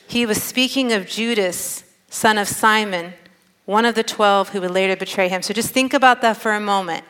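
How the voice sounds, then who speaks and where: A woman's voice: mid-range voice, moderate pace, a bit bright, smooth. A woman preaching a sermon in an earnest, conversational way, stressing her points. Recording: long hall reverb.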